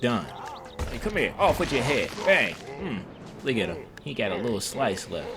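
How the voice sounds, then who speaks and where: A man's voice: medium pitch, big pitch swings, normal speed, heavy background noise. A young man giving casual, profane, self-mocking commentary over his gameplay.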